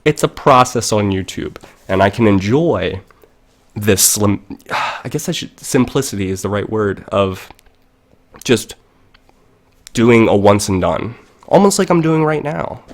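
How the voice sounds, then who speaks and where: A man's voice: on the low side, expressive, unhurried, pauses often. A young man chatting casually on a live stream, rambling into tangents and laughing often, with the mic very close to his mouth. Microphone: desk mic very close to mouth.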